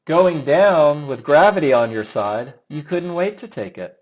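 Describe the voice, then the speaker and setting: A man's voice: on the high side, animated, unhurried, low-quality recording. A middle-aged man teaching a live trading webinar, chatty and enthusiastic, calling students by name as he reviews their trades. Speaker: trading instructor.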